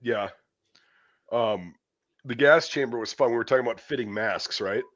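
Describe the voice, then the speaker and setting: A man hosts a casual podcast and tells a long anecdote, cursing constantly and padding it with fillers. His voice sits at an everyday middle pitch. The audio is dry and a little dull and muffled. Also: moderate pace, a bit bright, no echo. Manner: profane, rambling anecdote with lots of fillers. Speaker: podcast host. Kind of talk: casual storytelling chat.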